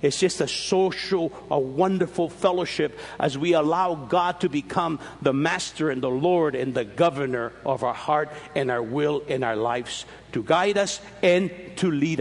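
A man preaching a sermon as pastor, swinging his voice up and down as he explains scripture. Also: big-room sound. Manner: preaching with sweeping rises and drops in pitch.

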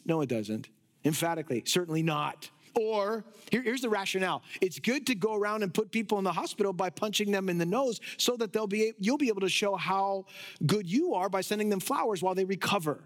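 A male preacher delivers an expository sermon. He speaks in an emphatic, rhetorical way, with a voice that sits high for a man. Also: expressive, normal speed. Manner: emphatic, rhetorical, sometimes laughing at absurd ideas.

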